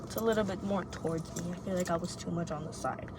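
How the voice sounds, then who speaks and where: A woman's voice: lowish voice, fast talker, heavy background noise. A young woman vlogging advice to camera from a parked car, blunt, rambling and profane. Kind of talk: casual monologue to camera.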